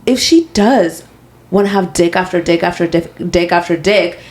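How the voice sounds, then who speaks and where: A woman with a slightly low-pitched voice, chatting as a podcast co-host. She gossips bluntly and swears freely in a casual, unscripted way. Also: normal speed, a little mellow. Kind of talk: casual chat.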